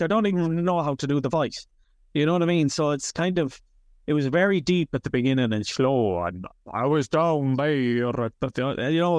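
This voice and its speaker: An Irish man in his thirties, a comedian chatting as an interview guest in a rambling, animated way that swears freely. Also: a little high, dry recording, clean studio sound. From Ireland. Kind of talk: casual interview chat.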